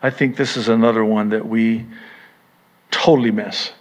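A man's voice: lowish voice, fairly even intonation, moderate pace. A man preaching a sermon as pastor, emphatic, with rising bursts of intensity and wry humor.

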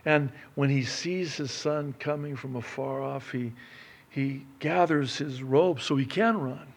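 Middle east guy preaching slow, gravelly voice, gets worked up and does the voices. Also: medium pitch. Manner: impassioned, acts out the story in character voices. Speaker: pastor. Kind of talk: sermon.

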